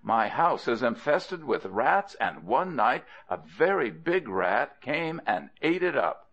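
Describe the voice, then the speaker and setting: A man's voice: medium pitch, big pitch swings, slow, a bit bright, full character voice. A man voicing a dishonest male villager who pleads, lies and then cries out in indignation. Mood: apologetic. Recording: dull lo-fi audio.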